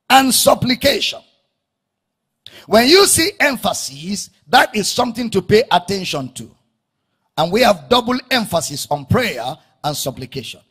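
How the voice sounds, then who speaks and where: Male preacher, very high husky voice, slow delivery with bursts of shouting and chanted emphasis. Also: big pitch swings. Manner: preaching with sudden shouts and sing-song rises, drawing out key words. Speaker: pastor. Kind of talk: sermon.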